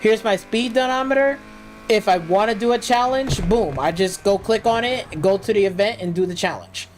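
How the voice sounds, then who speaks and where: A man's voice: sits high, normal speed, soft background music, low-quality recording. A man streaming live gameplay commentary, ranting and swearing constantly, with loose, filler-heavy speech full of restarts. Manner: profane, ranting, complaining. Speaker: gaming streamer.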